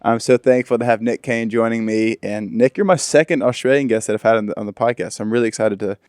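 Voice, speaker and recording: A man's voice: medium pitch, steady tone, quick pace, darkish tone, clean tone, no room sound. A young man hosting a podcast, talking in a chatty, rambling way with frequent restarts. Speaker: podcast host. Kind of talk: casual interview chat.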